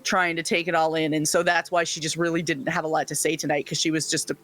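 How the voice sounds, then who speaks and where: A man talking casually about his character in a tabletop game, halting and full of fillers. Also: fairly high pitch, level tone, bright, forceful tone, slight background noise. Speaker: player.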